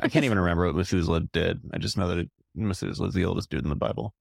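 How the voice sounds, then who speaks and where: A man's voice: low voice, rapid-fire, creaky, no room sound, studio quality. A man in his thirties co-hosting a podcast, chatting casually with hesitant, rambling trivia. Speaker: podcast co-host. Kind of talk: casual chat.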